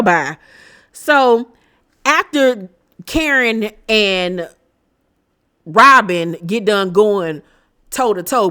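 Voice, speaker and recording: A woman hosting a casual reality TV recap, sassy and animated, talking straight to her viewers. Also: medium pitch.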